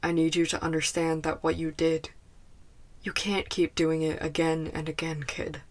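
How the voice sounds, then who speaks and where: Lady reading as a tired caring male teacher, calm slow gentle talk, lowish voice, audiobook. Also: lightly acted. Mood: steady. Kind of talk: fan fiction audiobook reading.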